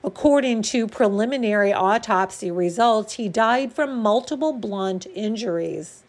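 Slow, measured woman reading local news. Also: mid-range voice, expressive. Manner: measured, deliberate delivery with occasional stumbles. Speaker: news reader.

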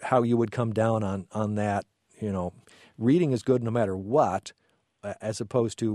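A man hosting a radio talk show, speaking in a measured way with frequent fillers and self-corrections. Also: on the low side, mellow, no room sound, studio quality. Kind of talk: radio interview.

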